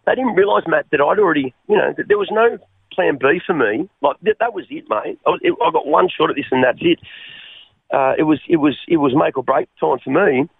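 A man's voice: fairly high pitch, sing-song, brisk, vocal fry, husky, dry recording. An Australian man telling his life story as a radio guest. He speaks earnestly, stumbles into repeated restarts and keeps calling the host mate. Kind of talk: personal testimony on radio. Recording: tinny dry phone line.

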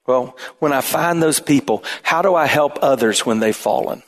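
A man preaching a sermon as pastor, emphatic and at times shouting. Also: mid-range voice, normal speed.

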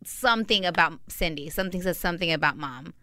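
A woman co-hosting a relaxed podcast chat, talking in a bright, smooth, somewhat low voice. She laughs easily and throws in quick asides. The sound is dry and close. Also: no echo. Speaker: podcast co-host. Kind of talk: casual chat.

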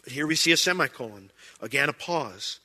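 A man's voice: medium pitch, lively intonation, a little fast, pushed and bright, big-room sound. A man preaching a sermon as a pastor, in a conversational way, acting out quoted voices.

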